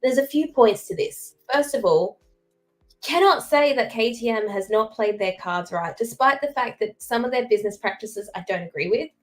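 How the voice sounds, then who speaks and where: A young woman from Derry with a Northern Irish accent, co-hosting a casual podcast chat with opinionated, quick analysis. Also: fairly high pitch, lively intonation, soft background music. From Northern Ireland. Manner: opinionated, fast analytical talk with fillers. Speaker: co-host.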